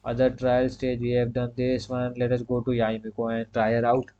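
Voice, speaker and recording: A man streaming a video game gives casual commentary in a monotone, mid-range voice at moderate speed. Talking himself through every move, he repeats short commands and fills silences with "you can say." The audio comes across dull.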